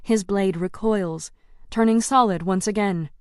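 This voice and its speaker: A woman's voice: mid-range voice, unhurried, smooth, dry recording, studio quality. A woman narrating a first-person audiobook in a tense, dramatic storytelling manner.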